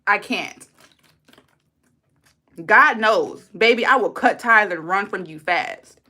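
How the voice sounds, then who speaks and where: A woman's voice: mid-range voice, slow pace, pushed and bright. A woman on a livestream talking straight to her chat. She is blunt, heated and profane, and she repeats her lines for emphasis. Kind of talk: unscripted livestream rant.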